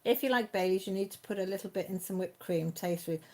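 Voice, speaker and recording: A woman hosting a casual live stream, chatting warmly with viewers by name and laughing often. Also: mid-range voice, quick pace. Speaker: channel host reading live chat.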